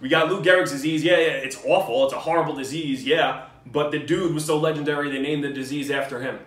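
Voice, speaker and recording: A man riffs in a casual video response, joking, swearing and full of enthusiasm. His voice sits a little high. The sound is roomy and echoey, with the mic set some distance from him. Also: fairly even intonation, fast talker, fairly bright tone. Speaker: vlogger.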